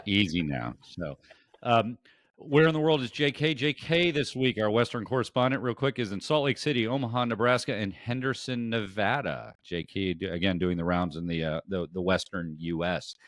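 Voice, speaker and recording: A man with a fairly low voice hosts a podcast at a normal pace, chatting casually in a dry recording. He rambles through plugs and introductions, full of fillers and restarts.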